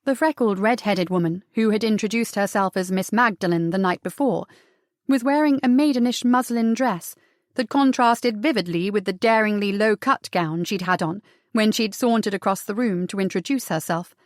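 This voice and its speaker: A woman's voice: medium pitch, normal speed, no room sound, clean studio sound. A woman narrating a historical romance audiobook steadily and expressively. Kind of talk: scripted narration.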